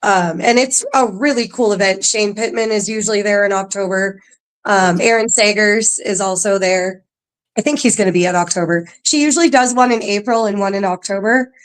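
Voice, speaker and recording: A woman working at a haunted museum, talking casually as a podcast guest, chatty and quick to laugh, with lots of ums. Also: medium pitch. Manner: chatty, laughs often, filler-heavy. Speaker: paranormal museum staff guest.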